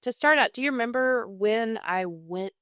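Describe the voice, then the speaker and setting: A young woman with a Southern accent and a fairly high, fairly bright voice casually tells a folklore story as a guest co-host on a podcast. Animated and at a moderate pace, she's chatty, enthusiastic about folklore, and laughs often, on a dry, clean studio recording.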